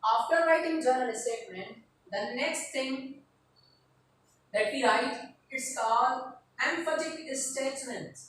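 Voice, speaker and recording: A woman teacher giving a lecture on essay writing, explaining each step slowly and repeating the key terms. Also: sits high, fairly bright tone, slight background noise. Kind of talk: classroom lecture. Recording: echoey room from far off.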